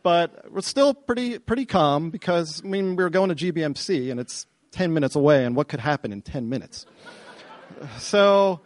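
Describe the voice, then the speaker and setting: Male storyteller, middle-aged, animated, restarts phrases, light tenor, dead-dry mic. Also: on the high side, moderate pace, no echo. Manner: animated, excited retelling with self-interruptions and repeats. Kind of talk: live personal storytelling.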